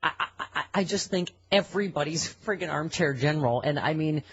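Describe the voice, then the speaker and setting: A woman's voice: sits low, brisk, husky. A woman hosting a radio talk show, chatting and arguing in an exasperated way with frequent laughs and restarts. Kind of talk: casual radio chat. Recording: slightly muffled radio broadcast.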